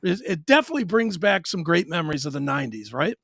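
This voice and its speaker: A man's voice: on the high side, very animated, fast, a bit bright, no echo, clean studio sound. A man hosting an interview show, easygoing and encouraging, often chiming in with short affirmations. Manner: easygoing, encouraging, frequent "right on". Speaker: show host.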